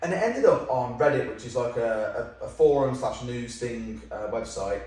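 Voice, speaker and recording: A man, a company founder guesting on a podcast, telling lively anecdotes in casual chat with some swearing. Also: medium pitch, moderate pace. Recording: very echoey room, mic at a distance.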